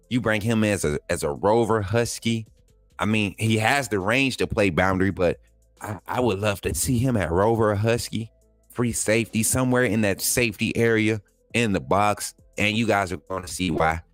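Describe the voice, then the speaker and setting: A man hosting a sports livestream, hyping players and reading chat, excitable and repeating himself in casual slang. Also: on the low side, no room sound. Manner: excitable, hypes players, talks straight to viewers; repeats phrases, casual colloquial speech. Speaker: sports channel host.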